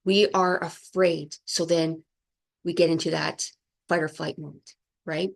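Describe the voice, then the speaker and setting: A woman with a lowish, gravelly voice leads a spiritual energy talk. She speaks softly and flowingly, often checking in with "right?". She is moved, close to tears. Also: level tone, unhurried. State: emotional, near tears. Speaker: spiritual channel host.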